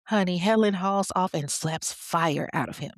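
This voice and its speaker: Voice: medium pitch, normal speed, no room sound, studio quality. A podcast host narrating a true-crime story in a chatty way, with conversational asides.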